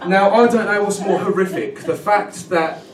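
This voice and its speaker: A man in his thirties with a high voice, speaking at a normal speed, does a stand-up set at a pub comedy night. He's chatty and keeps checking in with the crowd by asking "right?". The recording is echoey and distant, with loud background noise.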